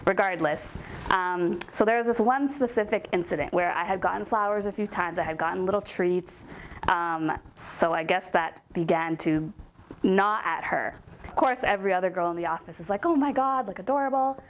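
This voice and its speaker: A woman's voice: on the low side, normal speed. A young woman telling a casual storytime about a coworker, chatty and full of "like" and "um" fillers.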